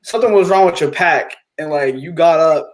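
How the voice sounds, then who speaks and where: High-voiced man rambling through anecdotes. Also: brisk, low-quality recording. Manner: laughing, rambling recollection full of "like". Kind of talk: casual podcast chat.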